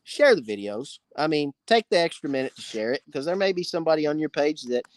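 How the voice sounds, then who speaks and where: A man's voice: fairly high pitch, big pitch swings, fast, dry recording. A man hosting a casual live fishing Q&A, greeting viewers by name. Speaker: fishing channel host. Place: outdoors by a campfire.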